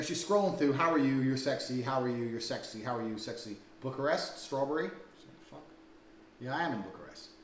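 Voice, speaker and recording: A man delivers a crude, emphatic lecture full of swearing, and his pitch swings up and down. He sounds set back from the mic in a reverberant room, with a faint hum behind him. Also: recorded from a distance. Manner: crude, profane, lively and emphatic. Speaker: dating course presenter. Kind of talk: blunt lecture to camera.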